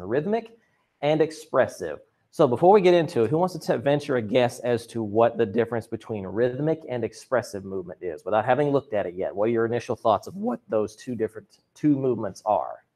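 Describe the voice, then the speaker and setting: He speaks at a medium pitch, animated and a touch quick, with a warm tone. Running his drama and chorus class online, he stays upbeat and chatty and keeps slipping jokes to his students. The audio is from a computer mic on the call.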